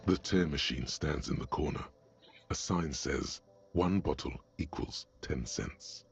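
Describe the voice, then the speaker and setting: An actor voicing a brooding male inner narrator in a video game, gravelly and hushed. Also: extremely low pitch, unhurried, heavily acted. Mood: ominous.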